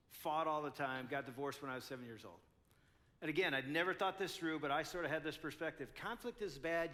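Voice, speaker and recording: Animated, bright-voiced older male speaker. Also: on the high side. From United States. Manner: animated, self-mocking storyteller. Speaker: conference speaker. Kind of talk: storytelling talk to a live audience.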